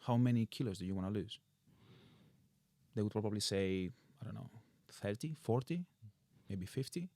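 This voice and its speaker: Low-voiced man. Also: expressive, normal speed, warm tone, no room sound. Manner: plain, direct, slightly non-native phrasing. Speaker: personal trainer guest. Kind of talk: casual podcast interview.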